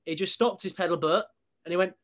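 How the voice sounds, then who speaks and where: A man's voice: high voice, fast talker, a bit bright. A man hosting a podcast, telling stories casually, laughing often and swearing now and then. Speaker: podcast host.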